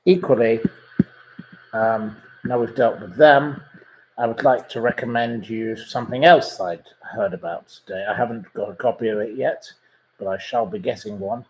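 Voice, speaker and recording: A man's voice: medium pitch, normal speed, a little hiss or hum, poor audio. A man hosting a casual chat podcast, rambling through recommendations with many ums and gossipy asides. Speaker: podcast host.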